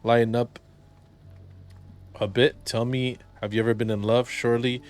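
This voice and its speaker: A man's voice: medium pitch, level tone, normal speed, darkish tone, faint music behind, lightly acted. Man reading a flirty tipsy woman. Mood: flirty teasing. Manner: reads game subtitles aloud, teasing.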